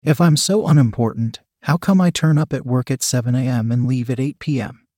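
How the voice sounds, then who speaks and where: A man's voice: medium pitch, fairly quick, dark tone, dry recording, studio quality, natural voice. A man voicing a distraught woman office worker. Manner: pleading, tearful questions. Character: distraught female office worker being fired.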